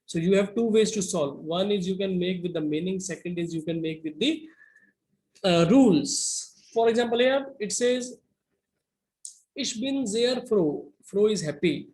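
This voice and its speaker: A man's voice: high voice, darkish tone, rough recording. A man teaching German grammar to students, going step by step through rules and often checking in with "right?". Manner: slow, methodical, with repeated "right?" checks.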